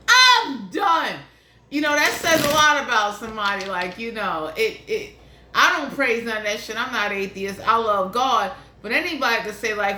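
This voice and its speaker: A woman's voice: sits high, sharp tone. A woman giving a blunt, profane tarot reading in a casual, ranting monologue. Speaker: tarot reader. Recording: echoey room, faint hiss.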